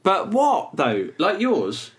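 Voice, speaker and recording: A man's voice: sits high, wildly swooping pitch, slow. A man co-hosting a comedy podcast, teasing and laughing often in casual chat. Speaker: podcast co-host.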